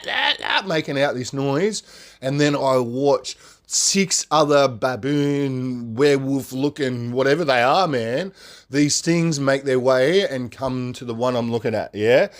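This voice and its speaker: On a podcast, a man tells a story casually and with animation, swearing freely and ending lines with "man" and "right?". His voice is mid-range and his pace measured.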